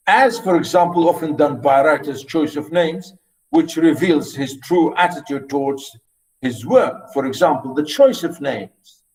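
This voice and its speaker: A man's voice: a little high, a little mellow. A man giving a recorded university lecture on literature, rambling and repeating himself with many fillers. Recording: echoey room.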